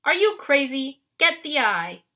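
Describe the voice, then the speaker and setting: A woman voicing a brisk, bossy, clever teenage girl. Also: sits high, sing-song, pushed and bright, pitched above the performer's own voice, heavily acted.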